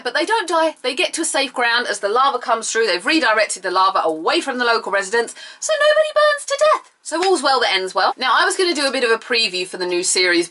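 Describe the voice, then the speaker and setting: A young woman chatting through a TV episode review, animated and sarcastic, with bursts of mock outrage. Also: mid-range voice. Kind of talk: casual video review.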